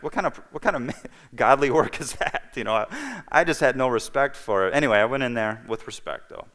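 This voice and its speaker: A man's voice: medium pitch, fairly bright tone. A man giving a personal testimony as a guest speaker in church. He tells his story in a storytelling manner, acts out each person's lines, and often checks in with "okay?" and "you know". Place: church hall. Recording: livestream with long hall reverb.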